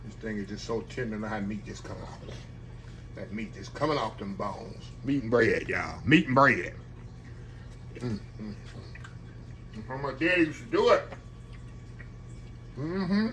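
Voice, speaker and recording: This Texas-born cooking channel host speaks with a Southern Texan accent, chatting folksily and saying y'all to viewers as he cooks at home for a casual vlog. His low-leaning voice is expressive, at normal speed with long pauses. Background noise is present.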